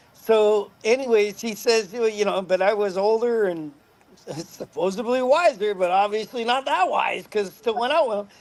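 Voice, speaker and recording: High-voiced middle-aged man telling stories. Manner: rambling, laughs at his own stories, swears freely. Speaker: podcast guest, former motorcycle racer. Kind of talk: casual storytelling.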